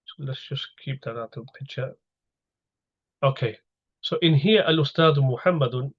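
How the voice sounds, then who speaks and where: A man's voice: mid-range voice, breathy edge. Patient male grammar teacher, dull audio. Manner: patient, explains step by step with questions to students. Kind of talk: online lecture over slides.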